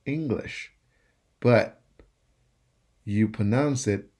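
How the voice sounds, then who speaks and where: Male tutor, unhurried, repeats words patiently for learners. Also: mid-range voice, a little mellow. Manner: drills each word by repeating it slowly. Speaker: French teacher. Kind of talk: slow pronunciation lesson.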